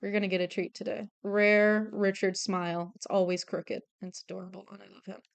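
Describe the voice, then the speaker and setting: A woman's voice: medium pitch, level tone, brisk, gravelly, clean tone, dry recording. A young woman streaming her drawing, chatting casually in a rambling, self-deprecating way and laughing often. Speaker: streamer and artist. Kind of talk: casual chat while drawing.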